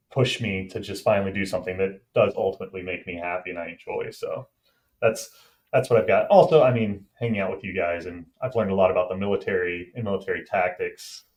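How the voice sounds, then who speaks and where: Male podcast co-host, lower voice, thoughtful, easy laughter. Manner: reflective, laughs often. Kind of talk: casual chat.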